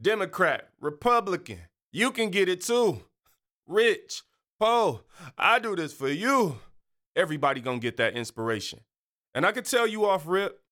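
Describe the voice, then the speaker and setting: A man's voice: high voice, fairly bright tone. A man hosting his own podcast in a casual solo monologue, playful and joking, then earnest and encouraging. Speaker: podcast host.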